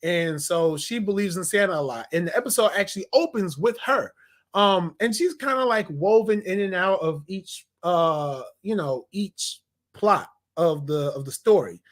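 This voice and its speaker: A young man in a casual review vlog, animated and slangy, laughing as he retells scenes. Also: sits high, normal speed. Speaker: TV episode reviewer.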